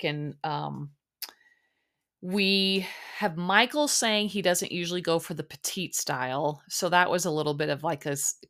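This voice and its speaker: A woman's voice: low-pitched, gravelly. A middle-aged woman hosting a podcast, chatting casually and rambling with lots of fillers, a bit sleepy. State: sleepy, yawning. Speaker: podcast host recapping a reality show. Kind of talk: casual solo chat.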